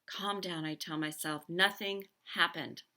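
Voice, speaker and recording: A woman's voice: fairly low pitch, fairly even intonation, measured pace, sharp tone. A woman teacher reading a novel aloud with expression, stopping now and then to comment on the story.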